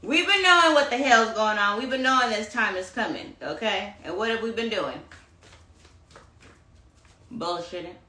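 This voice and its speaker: A woman's voice: medium pitch, expressive, normal speed, pauses often, pushed and bright, reverberant. A woman giving a casual livestream monologue as a tarot reader, sassy and dramatic, tagging her lines with "okay?" and "honey". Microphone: phone livestream.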